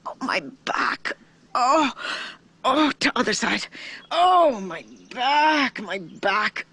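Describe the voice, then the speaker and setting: A woman voices a fussy old nurse who dawdles, teases and groans over her aching bones. Her voice is husky and lively in pitch, heard close and dry. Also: slow pace, dry recording, exaggerated voice. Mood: groaning. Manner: groaning, dawdling, complains of aches.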